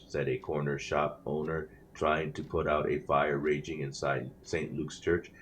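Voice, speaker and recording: Flat and bass-voiced, a man plays a game on his channel and reads its newspapers out loud with casual commentary, moving at a moderate pace with few pauses. Self-conscious about reading aloud, he frequently stumbles and corrects himself mid-sentence. A bit of background noise sits under the audio.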